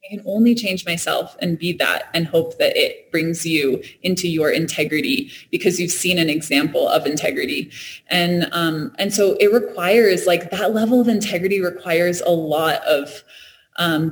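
A woman's voice: fairly low pitch, unhurried. Earnest woman in reflective conversation. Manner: earnest, thoughtful, frequent laughs and restarts.

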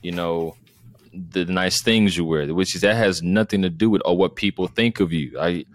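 Low-voiced guy from the us making his point hard, dry close sound. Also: normal speed, no room sound. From United States. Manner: emphatic, rhetorical questions, repeats words. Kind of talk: casual conversation.

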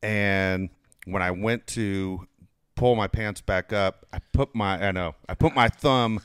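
Brief: middle-aged man, animated profane storyteller, dry close mic. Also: on the low side, slow pace, clean tone, dry recording. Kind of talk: casual storytelling chat.

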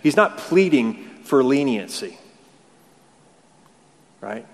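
A man's voice: mid-range voice, big pitch swings, takes it slowly. Man preaching in an echoing hall. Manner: conversational, rhetorical questions, repeats words. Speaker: pastor. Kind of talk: sermon. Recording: long hall reverb.

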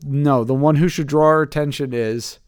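A man's voice: fairly high pitch, steady tone, moderate pace, smooth, no room sound, studio quality. Thoughtful man hosting a Bible podcast. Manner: thoughtful, with many fillers and restarts. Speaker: podcast host. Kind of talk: casual Bible study chat.

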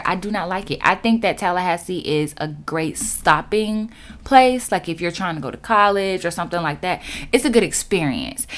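Chatty young woman vlogger. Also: fairly low pitch. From Florida. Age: 20s. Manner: animated, chatty, addresses viewers as y'all. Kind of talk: casual chat to camera.

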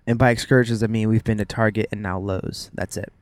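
A man's voice: fairly low pitch, fairly even intonation, a little fast. A man in his thirties, chatting casually with his wife while driving, with playful jokes and asides. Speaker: vlogger, father. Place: car.

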